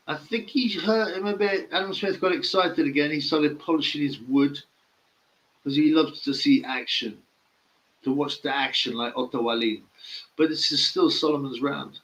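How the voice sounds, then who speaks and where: A man's voice: on the high side, moderate pace, fairly bright tone, muffled recording. A man giving casual live-stream boxing commentary, blunt, mocking and opinionated.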